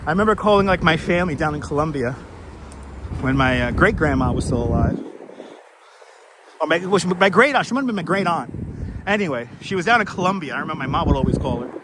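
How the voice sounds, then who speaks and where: A man's voice: fairly high pitch, lively intonation, fast, pauses often. A man hosting a walking livestream outdoors, chatting casually and rambling to viewers on a clip-on mic. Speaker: walking tour livestream host. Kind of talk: casual live-stream chat while walking. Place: outdoors on windy city streets. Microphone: wireless clip-on mic. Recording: windy outdoor street recording. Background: wind and traffic noise.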